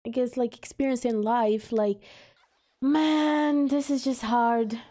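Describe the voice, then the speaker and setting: A woman's voice: on the high side, steady tone, slow pace, dark tone. A woman hosting an anime reaction video, talking to herself casually with frequent emotional exclamations. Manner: emotional, exclaiming, thinks aloud.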